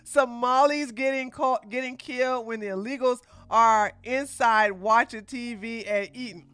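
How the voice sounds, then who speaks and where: With soft music behind her and no room sound, a woman with a somewhat high, clean, slightly bright voice hosts a livestream podcast at an unhurried pace. She shares blunt opinions casually, laughs often and reads out viewer donations.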